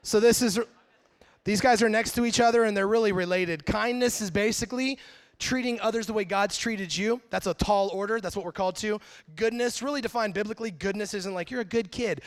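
A man in his thirties preaching a sermon in a church, telling stories in a lively, animated way and acting out quotes. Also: high-pitched, fairly quick, clear, resonant tone. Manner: animated storytelling, acts out quotes. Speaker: pastor. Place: church sanctuary. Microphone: handheld or headset mic.

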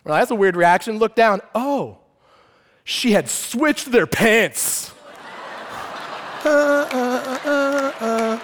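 A man from Arizona, a pastor, preaching a sermon through an animated, playful comic story that swings between loud and quiet. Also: extremely high pitch, takes it slowly, long pauses, a little hiss or hum. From Arizona, USA. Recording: long reverb of a large hall.

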